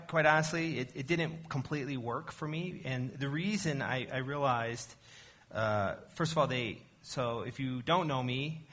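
A man's voice: medium pitch, sharp tone. A man, the church's arts director, giving a casual sermon talk in a chatty, self-deprecating way with many fillers and restarts.

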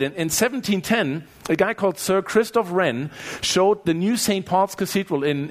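A man with a German accent, preaching a sermon and asking the congregation lively rhetorical questions. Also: high voice. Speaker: pastor. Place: church.

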